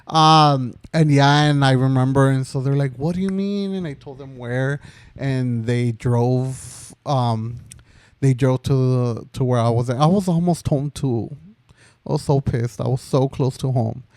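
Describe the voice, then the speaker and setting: Young man telling a story, smooth voice. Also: mid-range voice, measured pace, a little mellow, no room sound. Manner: rambling, lots of "like" and "um". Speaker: podcast co-host. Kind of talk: casual storytelling chat.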